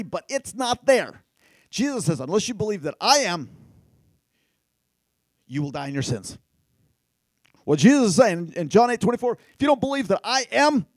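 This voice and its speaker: Animated high-voiced male preacher. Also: no room sound. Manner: animated, addresses crowd directly, rising to near-shouts. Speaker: pastor. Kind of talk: sermon.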